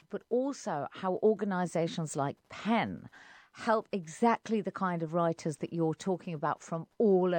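A woman with an English accent presenting a radio arts show in a studio, with lively, expressive intonation. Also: fairly low pitch, dry recording.

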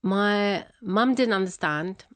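A young woman telling a personal story as an interview guest, candid and quick to laugh, acting out what people said. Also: mid-range voice, no echo. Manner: candid, laughs often, acts out quotes.

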